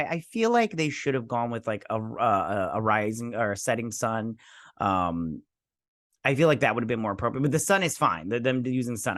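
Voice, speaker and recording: A man's voice: mid-range voice, fairly bright tone, dry recording, studio quality. Rambling sarcastic man reviewing a show. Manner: rambling, sarcastic, lots of fillers and restarts. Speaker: show host reviewing a TV episode. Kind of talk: casual spoken review.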